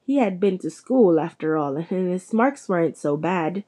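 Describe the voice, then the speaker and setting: A woman reading a storybook aloud as narrator, steady and measured. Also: on the low side, breathy edge. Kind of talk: audiobook reading.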